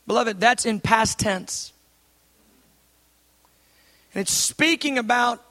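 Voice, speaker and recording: A man in his thirties preaching a sermon with fervor, swinging between shouting and hushed asides. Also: high-pitched.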